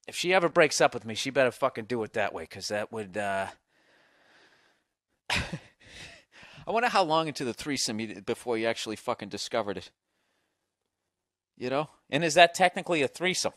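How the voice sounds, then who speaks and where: A middle-aged man, hosting a comic advice podcast, reading out letters and riffing on them loudly and profanely. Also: medium pitch, no room sound, studio quality. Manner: loud, profane, riffing and mocking. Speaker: podcast host.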